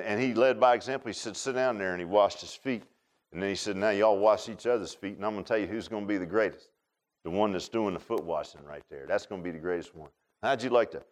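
A middle-aged man preaching a folksy sermon, telling personal stories in a chatty, drawling way, often repeating words and laughing at his own tales. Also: medium pitch. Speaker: pastor.

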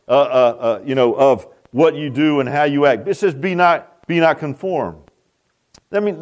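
A middle-aged man preaching a sermon, emphatic and folksy, with many fillers. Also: high-pitched. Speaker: pastor.

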